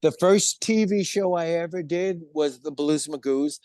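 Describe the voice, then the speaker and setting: Animated older man telling stories. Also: fairly high pitch, unhurried, no room sound, clean studio sound. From United States. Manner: animated, acts out quoted voices. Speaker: interview guest, musician. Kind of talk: casual storytelling.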